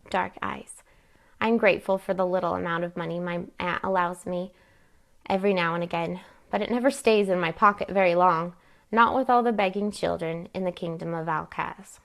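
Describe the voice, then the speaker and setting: A woman reading her own novel aloud at a live event, narrating in first person with measured pacing. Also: lowish voice, creaky. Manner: measured, plain narration with occasional slips.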